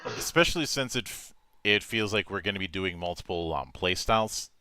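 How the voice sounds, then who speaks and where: A man's voice: deep voice, lively intonation, fairly quick, sharp tone. A man co-hosting a casual chat about game trailers, speaking in a thoughtful, opinionated way. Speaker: co-host.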